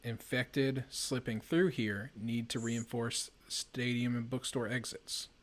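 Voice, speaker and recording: A let's play host chats casually as he plays a video game, swearing a lot and breaking into panicky outbursts now and then. His mid-range voice moves slowly with fairly even intonation.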